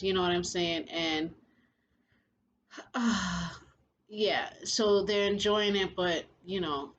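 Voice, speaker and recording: A woman's voice: mid-range voice, a little hiss or hum, poor audio. A woman giving casual spiritual commentary as a vlogger, rambling and leaning heavily on filler phrases. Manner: rambling, heavy on "you know" fillers.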